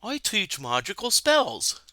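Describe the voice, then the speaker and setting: A man's voice: high voice, huge pitch swings, sharp tone, dry recording, exaggerated voice. A man doing a British-accented noble wizard. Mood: courtly. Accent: put-on British. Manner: slow, polite, lilting. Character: noble male wizard, courteous and proper.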